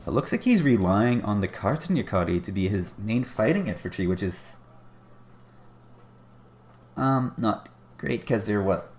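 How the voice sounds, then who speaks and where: A man's voice: fairly low pitch, lively intonation, a little slow, long pauses, a little mellow, a little hiss or hum. A man casting a strategy game match with chatty, wry commentary and self-deprecating asides. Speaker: game caster.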